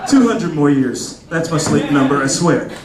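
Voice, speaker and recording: A man's voice: a little high, expressive, moderate pace. A man in his thirties doing a stand-up comedy set in a club, loose and conversational, with lots of fillers. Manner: loose and conversational, lots of "like", acts out voices in quotes. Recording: roomy club sound with crowd laughter. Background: audience laughing.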